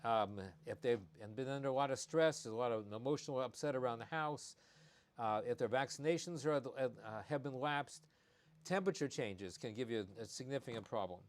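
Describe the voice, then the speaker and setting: A man's voice: medium pitch, a little fast. Folksy male veterinarian on a livestream. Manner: folksy and conversational, repeats key phrases. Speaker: veterinarian host. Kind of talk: live-stream health talk.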